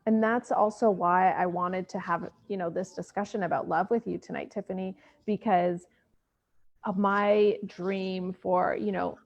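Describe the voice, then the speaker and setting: A woman's voice: mid-range voice, fairly even intonation, measured pace, vocal fry. A woman hosting a casual chat who asks rambling, effusive questions over a video call. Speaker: host. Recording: dull lo-fi audio.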